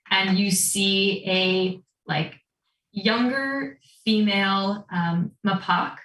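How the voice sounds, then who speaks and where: A woman's voice: mid-range voice, fairly bright tone, roomy sound, distant mic, slight background noise, poor audio. A woman running a tabletop game as game master, describing scenes in a chatty, filler-laden way.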